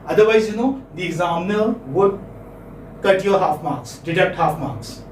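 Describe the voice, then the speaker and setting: A man with a high-pitched voice teaches phonetics to a class, speaking animatedly at normal speed, repeating words and asking checking questions. The lecture is recorded in an echoey classroom with the mic far off and slight background noise.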